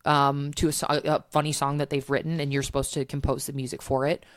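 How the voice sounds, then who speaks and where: Low-voiced chatty woman, dry close mic. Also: little pitch movement, fairly quick, no echo. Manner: chatty storyteller with many "um"s and "like"s. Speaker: podcast guest, musician. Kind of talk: casual interview chat.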